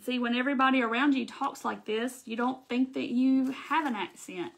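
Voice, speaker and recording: A middle-aged woman with a thick Southern drawl talks in a fairly high voice during a live crafting stream. She chats easily, greets viewers and thanks them for their comments as she keeps working. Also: moderate pace, vocal fry. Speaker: craft livestream host. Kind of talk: casual live crafting chat.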